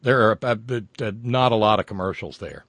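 A man's voice: lowish voice, lively intonation, fairly quick, a bit bright, dry recording. An older American man hosting a casual show, reading listener mail aloud with wry, digressive asides.

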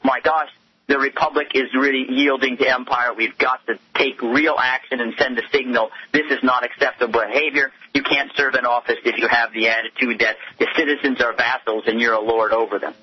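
Indignant husky man on a phone line. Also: medium pitch, fairly even intonation, fairly quick. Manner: impassioned, indignant argument. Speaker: guest commentator. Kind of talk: talk radio interview.

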